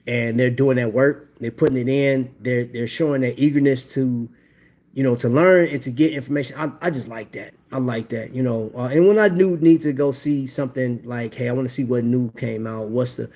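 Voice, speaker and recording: A man's voice: mid-range voice, moderate pace, darkish tone. A man hosting a live stream at a collectors' event, chatting casually and calling people "bro" and "man.". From Indiana. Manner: laid-back, chatty, says "bro" and "man" a lot.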